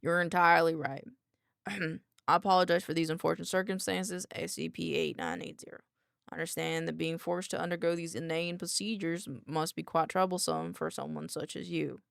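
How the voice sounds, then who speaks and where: A woman's voice: medium pitch, steady tone, racing, vocal fry, hardly any pauses, a little mellow, dry recording, studio quality, close to an everyday voice. A woman voicing a nerdy male head researcher with a nasal voice, politely formal and apologetic.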